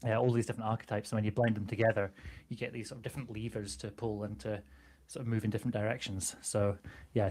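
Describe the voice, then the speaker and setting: Lively man, laughing. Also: medium pitch. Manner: animated, laughs often, slips into character voices. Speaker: guest game master. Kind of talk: casual chat about voice acting.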